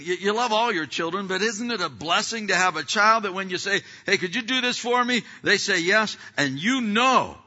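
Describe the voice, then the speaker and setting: A man preaching a sermon as pastor of his church, talking conversationally and swinging between loud passages and hushed ones. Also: sits high. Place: church sanctuary. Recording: echoey hall, dull lo-fi sound.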